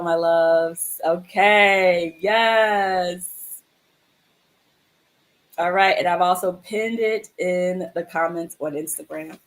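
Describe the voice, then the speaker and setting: A woman hosting a livestream mindfulness show, chatting casually with viewers in an affectionate, encouraging way. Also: on the low side. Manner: affectionate, encouraging, calls viewers "my love" and "sis".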